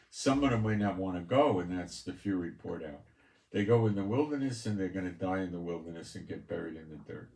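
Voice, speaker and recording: A man preaching from scripture, reading verses aloud and adding blunt, scornful commentary. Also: low voice. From Israel. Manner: blunt and scornful, stressing scripture passages loudly. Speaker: preacher and Bible teacher. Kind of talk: Bible-reading sermon with commentary. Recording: echoey room.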